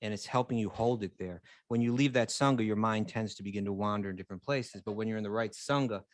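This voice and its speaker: A man's voice: lowish voice, quick pace, no echo. A man co-hosting a casual spiritual chat, earnestly explaining his ideas and building his points step by step. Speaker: co-host.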